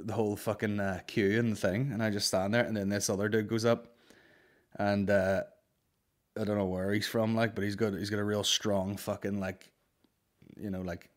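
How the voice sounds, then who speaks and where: A man in his thirties tells rambling, profane comic stories. His voice sits fairly low, and he keeps it animated and loose. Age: 30s. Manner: swears a lot, rambling, animated. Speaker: podcast host. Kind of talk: casual comedic storytelling.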